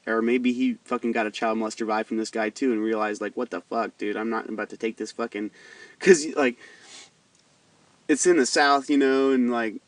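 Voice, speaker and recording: A man's voice: medium pitch, steady tone, moderate pace, dry recording. Profane rambling young man, dry distant sound. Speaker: vlogger. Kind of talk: casual storytelling rant.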